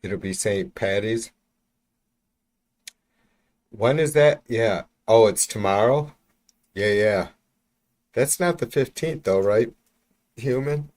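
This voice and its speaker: Male streamer, lowish voice, loose profane rambling chat, mic at arm's length. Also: lively intonation, slow pace, long pauses, darkish tone. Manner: rambling, profane, chatting to viewers. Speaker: livestreamer. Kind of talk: casual livestream chat. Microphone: mic about an arm's length away.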